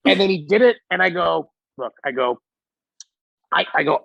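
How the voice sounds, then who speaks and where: A middle-aged man, a podcast guest, telling animated stories with a lot of swearing and acted-out quotes. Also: on the high side, normal speed, vocal fry, long pauses, no room sound. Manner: animated, profane, acts out quotes. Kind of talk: casual storytelling. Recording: dull lo-fi recording.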